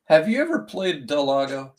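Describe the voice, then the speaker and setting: A man co-hosting a casual sports podcast, talking in a calm, measured, conversational way. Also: a little high.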